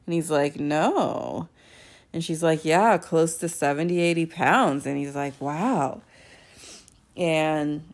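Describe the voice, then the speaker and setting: A young woman hosting a podcast, recapping a reality show in casual chat, sarcastic and laughing often. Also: sits low.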